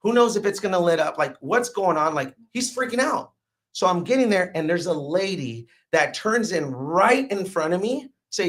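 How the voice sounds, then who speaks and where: Fast-talking entrepreneur guest, a man with a high voice, emphatic and animated. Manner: animated, emphatic, preachy asides. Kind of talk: casual interview storytelling.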